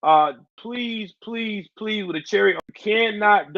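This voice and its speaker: A man's voice: high voice, slow, fairly bright tone, no echo, lo-fi sound. A man hosting a casual livestream, talking in loose slang and answering his viewers' chat. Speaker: livestream host.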